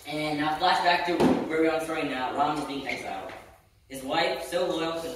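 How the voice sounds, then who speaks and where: A man's voice: a little high, fairly quick. A young man casually retelling a story live to a student audience, chatty and loose, often tagging his lines with "right?" and restarting his sentences. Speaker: storyteller at a student festival event. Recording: echoey room, distant mic, background noise.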